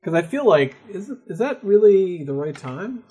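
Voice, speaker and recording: A man hosting a casual podcast, upbeat and jokey, with quick asides. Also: high voice, big pitch swings, darkish tone, husky. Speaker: podcast host.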